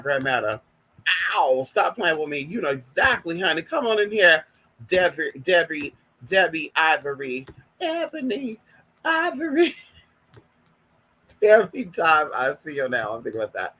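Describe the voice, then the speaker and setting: Woman from california chatting on a live stream, lively bright voice, sassy and loose. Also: on the low side, breathy edge. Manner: sassy, calls everyone honey. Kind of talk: casual live stream chat.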